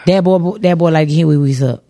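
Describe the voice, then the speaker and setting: A woman's voice: sits low, quick pace, mellow, dry recording. A woman co-hosting a podcast in casual chat, blunt and emphatic, repeating her point. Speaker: podcast co-host.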